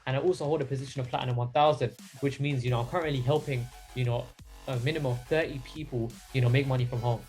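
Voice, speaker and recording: An energetic young man coaches a sales team in a casual, loose way, leaning on lots of fillers as he talks. His voice sits at a middle pitch, and faint music runs behind him. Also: quick pace. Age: young adult. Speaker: sales mentor. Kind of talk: casual training talk.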